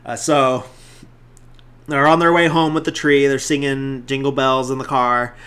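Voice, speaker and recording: A podcast host with a medium-pitched, fairly bright voice casually recaps a movie scene by scene. His delivery is flat and a little slow, rambling and heavy with fillers, and he acts out quotes from the film.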